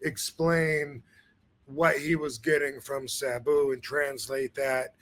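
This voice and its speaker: A man's voice: mid-range voice, little pitch movement, slow pace, fairly bright tone. A man hosting a podcast in casual chat, rambling with many fillers and restarts. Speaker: podcast host.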